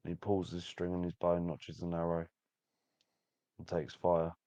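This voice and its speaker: A man playing a tabletop game, calmly describing what his character does. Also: low voice, measured pace, no room sound. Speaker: player. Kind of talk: casual tabletop game play.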